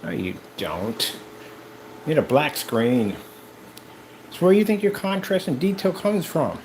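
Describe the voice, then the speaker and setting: A man presenting and selling his product in an excited vlog, talking straight to his viewers in a preachy, animated way, indoors beside a projector. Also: a little high, measured pace, a little hiss or hum, low-quality recording. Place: indoor room with projector and screen.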